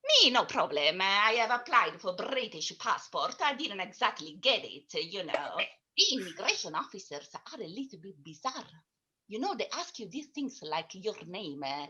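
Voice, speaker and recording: A woman's voice: mid-range voice, sing-song, normal speed, pushed and bright. A woman playing a boastful, scatterbrained Italian woman doctor with an Italian accent in an online character comedy, talking in a pompous, rambling way. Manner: pompous, rambling, self-assured.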